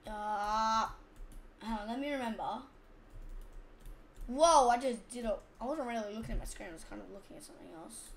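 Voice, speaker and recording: A woman with an Australian accent and a high voice talks through her gameplay in a loose, chatty commentary. She rambles and drifts off topic easily. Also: normal speed, long pauses. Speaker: gaming channel host.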